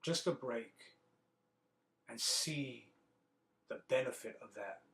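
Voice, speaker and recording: A man hosting a podcast, speaking in a profane, animated casual monologue with a lot of repeated words. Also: mid-range voice, slow. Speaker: podcast host. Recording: roomy echo.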